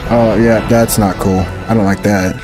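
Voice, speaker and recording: A man giving let's-play commentary, excitable and thinking aloud as he plays. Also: fairly low pitch, unhurried. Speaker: gaming YouTuber. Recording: game music behind voice. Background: game music.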